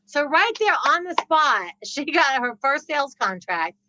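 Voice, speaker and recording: A woman guest on a podcast, telling a story with lively laughter and acting out the people in it. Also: high voice, unhurried, dry recording, low-quality recording. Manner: laughs often, acts out the people in her story. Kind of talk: animated storytelling.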